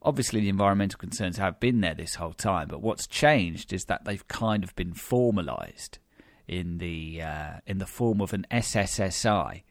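A man's voice: low-pitched, expressive, normal speed, few pauses, no echo, studio quality. A British man hosting a podcast, chatting wryly with many fillers and restarts. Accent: British English. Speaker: podcast host. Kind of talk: casual podcast chat.

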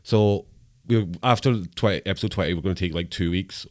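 A man's voice: low voice, a little fast, no room sound, studio quality. A man in his thirties co-hosting a podcast, chatting casually and laughing often at his own jokes. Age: 30s. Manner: laughs often, jokey and self-mocking. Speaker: podcast co-host. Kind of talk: casual chat.

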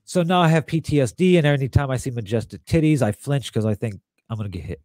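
A young man telling a crude story in casual podcast chat, rambling and animated. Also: medium pitch, fast talker, no room sound, clean studio sound.

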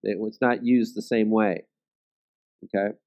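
A man's voice: lowish voice, flat delivery, unhurried, darkish tone, muffled recording. A man teaching a Bible study in a conversational way, often checking in with "okay?" and "right?" and joking at his own expense. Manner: self-deprecating humor.

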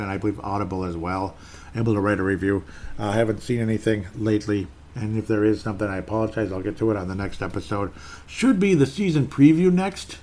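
A man's voice: on the low side, a little mellow, slight background noise. A man hosting his own podcast solo, talking in a rambling, conversational way that circles back and repeats itself. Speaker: podcast host. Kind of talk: casual solo podcast talk.

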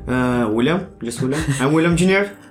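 A man playing in a tabletop game, loud, joking and profane. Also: a little high, lively intonation, a little fast. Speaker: player. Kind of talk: casual tabletop play.

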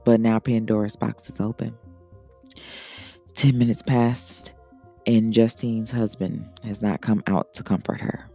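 A man's voice: lowish voice, level tone, unhurried, creaky, mellow, breathy edge, faint music behind. A man hosting a show and reading an erotic story aloud in a casual, bawdy manner.

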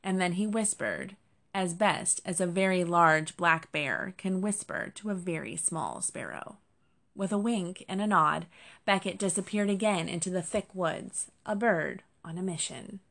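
A woman reads a storybook aloud in a lowish, gravelly voice. Her narration is expressive and measured.

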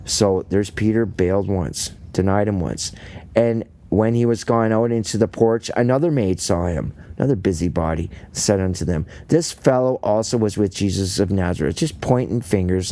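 A man's voice: on the low side, moderate pace, warm tone. A man hosting a casual Bible study podcast, preaching with folksy asides and jokes. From Canada. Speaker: podcast host and lay preacher. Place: rural home, indoors.

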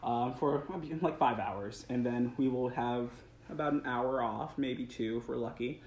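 A man's voice: medium pitch, moderate pace, a little mellow. A young man who works as a stage actor, chatting earnestly in an interview, rambling a little with restarts and small laughs. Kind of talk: casual interview chat. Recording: roomy sound with faint background noise.

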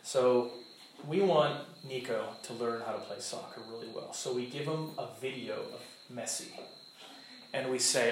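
A man teaching a class in a lively, illustrative way, acting out quotes and examples as he explains. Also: mid-range voice, measured pace. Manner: animated, illustrative, acts out quotes. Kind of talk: classroom lecture. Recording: echoey room with faint background noise.

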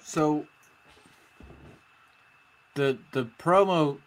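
Slightly high-voiced man asking pointed questions. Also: very slow. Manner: questioning, insistent. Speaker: podcast co-host. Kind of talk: casual chat.

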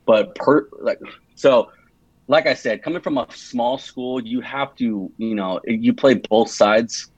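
Speaking slowly in a mid-range voice with a breathy edge, a young man from California in his twenties rambles through a casual interview as a podcast guest, restarting and filling pauses a lot. The sound is dry, dull and lo-fi.

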